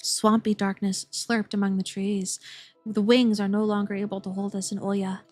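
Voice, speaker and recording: A woman's voice: mid-range voice, little pitch movement, moderate pace, darkish tone, soft background music. A woman streamer reading a game's story aloud, playful and giggly, swearing when startled.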